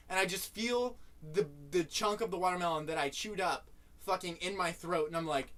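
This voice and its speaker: A young man telling a funny story among friends, animated, swearing a lot and acting out what he said back then. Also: sits high, a little fast. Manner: animated, heavy swearing, acts out his own past lines. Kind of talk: casual comic storytelling.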